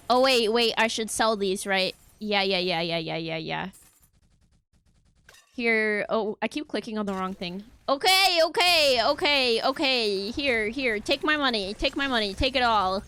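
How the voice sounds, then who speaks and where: A woman's voice: fairly high pitch, expressive, unhurried, bright, forceful tone, clear, resonant tone. A young woman streaming a game, chattering playfully to her chat and teammates with silly bits. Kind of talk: casual gaming livestream chatter.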